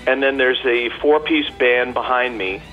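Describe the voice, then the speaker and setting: A man's voice: mid-range voice, unhurried, highs cut off, soft background music. A man guest on a radio interview, a chatty storyteller with many fillers and restarts. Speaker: tribute performer guest.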